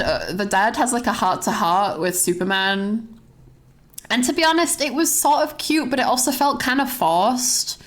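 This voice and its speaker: A woman's voice: on the high side, fairly bright tone. A young woman chats casually on stream about a film she just saw. She rambles and swears freely, and fills her sentences with "like". Her tone stays loose and conversational. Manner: rambling, sweary, full of likes. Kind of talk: casual chat, movie rant.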